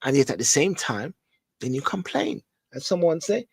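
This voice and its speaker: A man's voice: on the high side, big pitch swings, normal speed, creaky, slightly rough, dry recording. Rambling Jamaican man talking casually. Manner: rambling, repetitive, with many restarts. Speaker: host. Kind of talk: casual talk-show monologue. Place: London.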